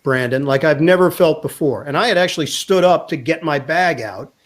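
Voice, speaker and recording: A man's voice: a little high, fairly quick. A man, a sportscaster, telling a long anecdote in a casual interview and acting out the quotes. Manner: lively storyteller acting out quotes. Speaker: sportscaster guest. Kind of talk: storytelling anecdote in a chat.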